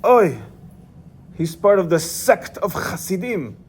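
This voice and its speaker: A man's voice: mid-range voice, moderate pace, vocal fry, darkish tone, a little hiss or hum, natural voice. A man voicing an angry older father who scolds and pleads with his son-in-law in a told story. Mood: outraged. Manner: exclaiming, scolding. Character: angry old father-in-law, shouting then coaxing.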